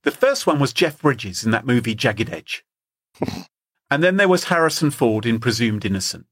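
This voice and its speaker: Husky-voiced Englishman joking around. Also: mid-range voice, very animated, normal speed, a bit bright, dry recording, clean studio sound. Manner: joking, playful storytelling. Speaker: podcast co-host. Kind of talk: casual comedic chat.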